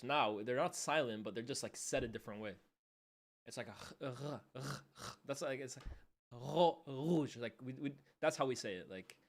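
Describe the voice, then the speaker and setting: A young man from Canada streaming a football watchalong, chatting casually in slang with loud reactions and quiet muttered asides. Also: medium pitch. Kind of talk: live match watchalong commentary.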